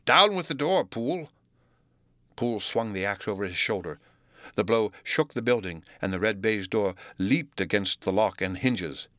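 A man narrating an audiobook of a classic novel in a measured, steady manner. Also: lowish voice, no room sound, studio quality. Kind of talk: scripted narration.

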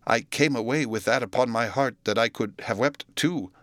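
A man voicing a frightened aging male butler who speaks in hushed, trembling tones in an audiobook. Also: medium pitch, moderate pace, no room sound, close to an everyday voice. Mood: haunted. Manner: hushed, tremulous.

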